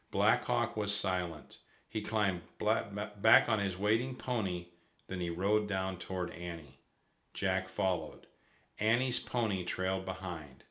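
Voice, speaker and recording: Low-voiced man reading a storybook aloud. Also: a little slow. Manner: expressive reading with occasional stumbles. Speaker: narrator. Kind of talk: children's storybook read aloud.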